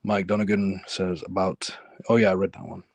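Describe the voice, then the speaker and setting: Low-voiced English man hosting a live stream. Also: fairly quick, no echo. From London, England. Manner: calm, low-key, reads chat aloud. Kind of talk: casual live-stream chat reading comments.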